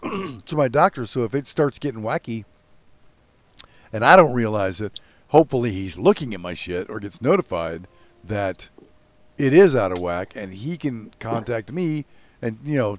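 A man's voice: mid-range voice, lively intonation, normal speed, no echo. Older man ranting profanely. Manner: profane, ranting, self-mocking. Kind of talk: casual podcast chat.

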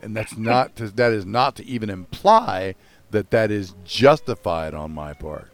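A man's voice: on the low side, animated, measured pace, faint music behind. An older man hosting a casual podcast chat, ranting with lots of profanity and mocking himself.

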